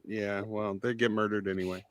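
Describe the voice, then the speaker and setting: A man, a guest in a casual chat, easygoing and quick to laugh. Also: on the low side, little pitch movement, dry recording. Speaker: panel guest.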